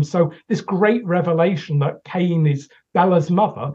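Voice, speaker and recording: A man's voice: sits high, a little slow, warm tone. A man co-hosting a podcast, ranting and swearing in an exasperated critique. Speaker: podcast co-host. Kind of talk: casual critical discussion. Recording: dull lo-fi recording.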